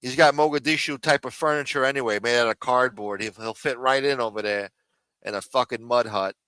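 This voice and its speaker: A man's voice: medium pitch, steady tone, brisk, sharp tone, clean tone, dry recording. A man hosting a live stream in a casual, profane rant, with many fillers, repeated phrases and muttered asides.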